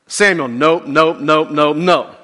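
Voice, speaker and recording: A male pastor preaching a sermon, joking with the congregation and dropping low and slow for key points. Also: bright, forceful tone.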